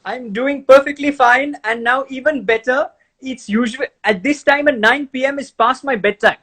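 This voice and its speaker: A man's voice: extremely high pitch, normal speed, pushed and bright. A man with an Indian accent hosting a chat show over a video call, effusive and given to repeating his words as he talks. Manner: effusive, repeats words and restarts often, laughs easily. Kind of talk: casual video-call interview.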